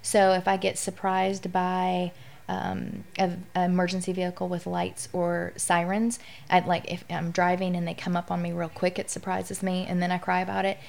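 A woman's voice: lowish voice, monotone, normal speed, gravelly, darkish tone. A middle-aged woman speaking candidly and with emotion as a guest in a conversational interview.

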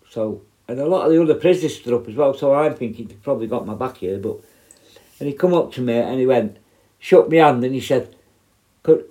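A man's voice: medium pitch, darkish tone. Blunt, sweary man. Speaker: former prison officer. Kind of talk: casual storytelling.

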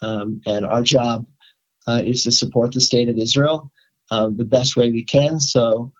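An older man speaks as a rabbi in a casual interview, pitched at an ordinary middle height. He stops and restarts often, filling gaps with "um" and "uh". The sound is dull and lo-fi. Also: fairly even intonation. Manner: halting, many fillers and restarts. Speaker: rabbi, podcast guest.

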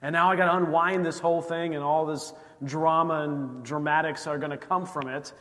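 A man's voice: on the high side, steady tone, normal speed, fairly bright tone, in a large hall. A male pastor preaching a sermon in a conversational way, often acting out quoted voices. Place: church sanctuary.

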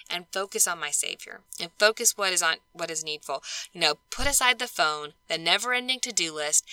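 A woman hosting a podcast, chatting casually about scripture study, animated and laughing often as she acts out her own thoughts. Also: medium pitch, clear, resonant tone, dry recording, poor audio. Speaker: podcast host.

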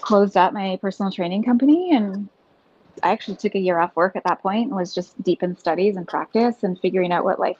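A woman in her thirties, a podcast guest, telling her story in an earnest, animated way with lots of "like". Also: medium pitch. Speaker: podcast guest, breathwork facilitator. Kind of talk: casual interview storytelling. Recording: dull lo-fi sound.

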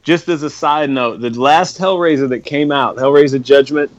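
A man's voice: mid-range voice, normal speed, dry recording, highs cut off. A man guesting on a podcast, rambling animatedly and swearing as he chats about horror movies. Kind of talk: casual chat.

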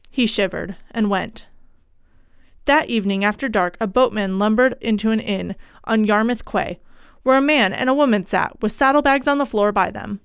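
A woman narrating a period ghost story in a measured storytelling voice, on a close mic. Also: medium pitch, creaky, clean tone, dry recording. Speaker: audiobook narrator.

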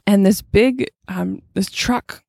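A woman religious sister with a gravelly, creaky edge to her voice, chatting casually on a podcast. She fills her sentences with "like," slows down to lead prayer, and sounds close and dry on the mic. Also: medium pitch, darkish tone, dry recording. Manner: chatty, many "like" fillers, leads prayer slowly. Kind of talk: casual chat and leading prayer.

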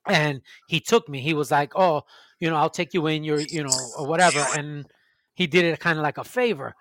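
A man's voice: a little high, a little fast, fairly bright tone, no room sound. Guy ranting and cursing about his doctors, dry close sound. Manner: profane ranting storytelling. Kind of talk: casual chat.

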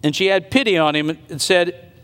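A man preaches a sermon, earnestly retelling a Bible story and wondering aloud what might have happened. His voice sits high and is a bit bright and clean, at a moderate pace. The recording carries the long reverb of a large hall.

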